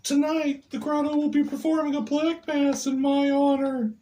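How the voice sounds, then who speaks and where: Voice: high-pitched, little pitch movement, normal speed, dark tone, a little hiss or hum, lightly acted, low-quality recording. A performer voicing a crude, irreverent puppet Jesus in a crown of thorns for a silly puppet sketch, giggling often.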